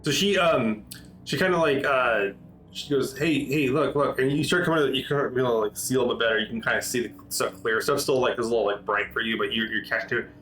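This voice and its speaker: A man's voice: mid-range voice, fast talker, a bit bright, low-quality recording. A man narrating as game master in a rambling way, with many restarts and fillers, over faint music.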